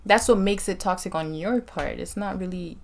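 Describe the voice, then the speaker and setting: A woman's voice: mid-range voice, normal speed. A woman hosting a podcast, offering reflective, faith-minded advice and often checking in with "right?". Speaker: podcast host. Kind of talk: casual conversation.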